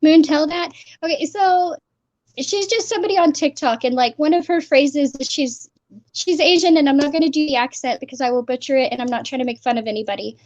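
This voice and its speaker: Giggly high-voiced woman on lo-fi audio. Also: fairly quick, a little mellow. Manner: giggly, chatty. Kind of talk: casual chat. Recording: dull lo-fi audio.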